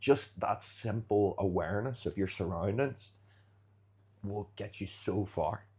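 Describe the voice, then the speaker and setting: A man's voice: on the low side, measured pace, darkish tone, husky. A man, a jiu-jitsu fighter, chatting as a podcast guest and animatedly acting out street scenarios. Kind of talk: casual interview chat.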